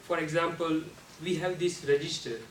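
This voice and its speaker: In a meeting room, a man slowly and deliberately delivers a prepared club speech about using the voice, his grammar non-native and his tone steady. Now and then he shows off abrupt leaps in pitch and loudness. The mic sits far away, so the room echoes and faint noise lingers.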